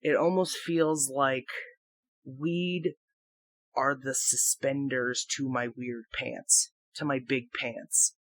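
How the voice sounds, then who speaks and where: A man rambling through a reflective solo audio blog into a microphone, halting and questioning himself as he goes, swearing freely. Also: mid-range voice, steady tone, fairly bright tone, dry recording. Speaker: audio blogger. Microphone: talking into a microphone.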